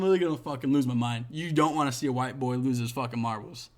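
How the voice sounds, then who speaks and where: A man hosting a show, reading online comments aloud and reacting with heated, profane ranting and sudden loud outbursts. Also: medium pitch, steady tone, fast talker, hardly any pauses. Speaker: podcast host.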